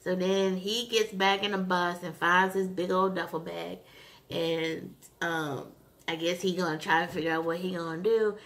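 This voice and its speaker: A woman vlogger casually recapping a TV episode, retelling scenes in an animated way with lots of fillers. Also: on the low side, moderate pace. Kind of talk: casual chat.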